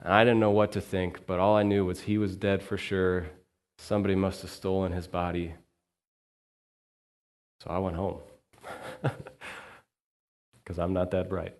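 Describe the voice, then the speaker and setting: A male minister giving an earnest first-person sermon monologue in character, quiet and reflective in the sad parts, lively when the story turns. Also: deep voice, a little slow, long pauses, smooth. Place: church sanctuary.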